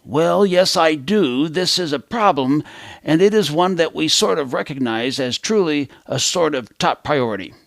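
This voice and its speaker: A man's voice: a little high, animated, normal speed, creaky, fairly bright tone, no room sound, clean studio sound. A man voicing a pompous male diplomat who hedges everything with filler words. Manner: pompous, hedging with sort of. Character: evasive middle-aged male diplomat.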